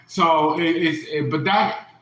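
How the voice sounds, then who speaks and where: A man's voice: on the high side, fairly even intonation, takes it slowly, a bit bright, reverberant, rough recording. A man in his fifties speaking in an earnest, impassioned personal monologue, often repeating himself. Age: 50s. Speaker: astrologer and occult teacher.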